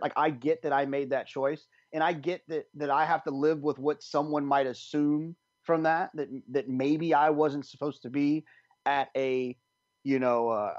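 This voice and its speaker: A man's voice: a little high, no echo, muffled recording. A man telling a long story on a podcast, rambling with many restarts, acting out what people said. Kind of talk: casual storytelling.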